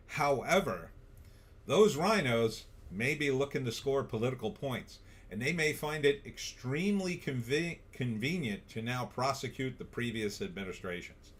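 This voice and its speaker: A man's voice: mid-range voice, fairly bright tone. A man hosting a political livestream, blunt and sarcastic, reading viewer comments aloud. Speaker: livestream host.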